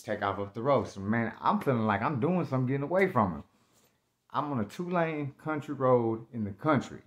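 A man telling a story about himself in slangy, animated speech that jumps into loud acted-out outbursts. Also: medium pitch, a little fast. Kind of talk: casual spoken storytelling.

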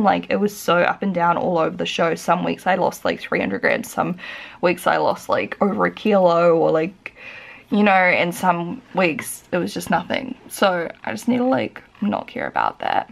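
A woman's voice: on the low side, creaky. Chatty young New Zealand woman vlogging. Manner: chatty, rambling, lots of "like" fillers. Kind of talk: casual vlog chat to camera.

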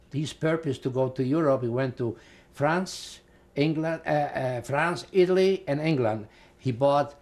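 Older Polish-accented man, halting and rambling testimony, middle pitch. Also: a little mellow. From Poland. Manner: rambling, halting, with frequent fillers and repeated words. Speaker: interviewee, Holocaust survivor. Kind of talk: oral history testimony.

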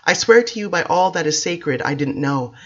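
An ancient vampire elder, worn down and bitter, pours out his grievances in a self-pitying rant, as a man reads him. The voice sits fairly high for a man. The audiobook has a dull, lo-fi sound. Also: animated, normal speed, a bit bright. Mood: anguished. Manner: railing, self-pitying and defensive. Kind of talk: audiobook character reading.

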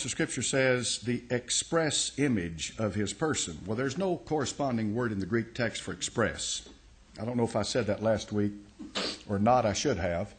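Folksy pastor teaching a sermon. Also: male voice, fairly low pitch, a little hiss or hum. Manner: folksy, explains step by step, many restarts and uh.

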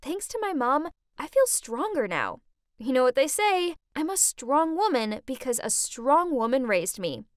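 A woman narrating a scripted first-person story in an animated, exclamatory way. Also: high voice, unhurried, dry recording, clean studio sound.

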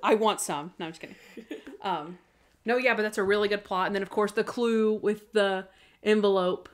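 A young woman co-hosting a podcast, chatting casually and excitedly about TV episodes, full of "like" and acting out bits of dialogue. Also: medium pitch, moderate pace. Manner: chatty, full of "like", acts out characters' lines. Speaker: podcast co-host. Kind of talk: casual chat recapping TV episodes.

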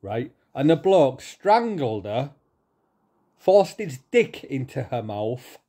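Middle-aged man, angry vlog rant, slow, mellow tone, swears freely. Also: mid-range voice, slightly rough. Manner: heated, swearing, repetitive, pausing to calm himself. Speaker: vlogger.

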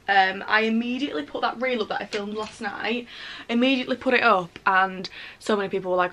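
A woman's voice: mid-range voice, brisk, fairly bright tone, slight background noise. A woman in her twenties with a British accent, chatting casually and gushing in a home vlog. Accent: British English. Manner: chatty, gushing, full of fillers. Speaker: vlogger. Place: bedroom at home.

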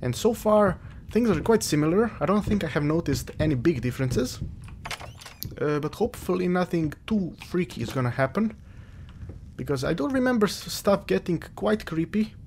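A man's voice: fairly high pitch, background noise. Man joking through a horror game. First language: Croatian. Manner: jokey, rambling, talks to the game. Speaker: let's play gamer. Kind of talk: casual gameplay commentary. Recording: game music behind.

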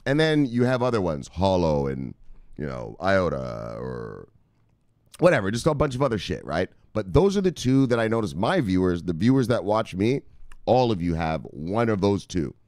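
Male crypto vlogger, loose and profane, lively pitch, close and dry. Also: moderate pace, no room sound. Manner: rambling, profane, offhand. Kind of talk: casual chat to viewers.

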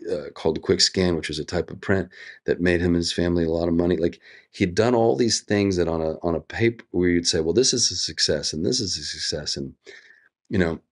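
A middle-aged man with a deep, low voice talks as an interview guest. He speaks earnestly and reflectively, slipping into lively quoted asides now and then. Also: brisk.

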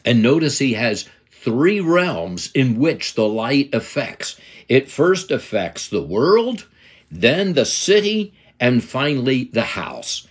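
Slow but very animated, an older man with a mid-range, slightly husky voice teaches the Bible. He preaches emphatically and quotes scripture throughout the lesson.

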